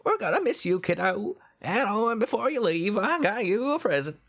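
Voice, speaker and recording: A man voicing a doting middle-aged frontier mother in a high falsetto, gentle and motherly. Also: sing-song, moderate pace, exaggerated voice. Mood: fond.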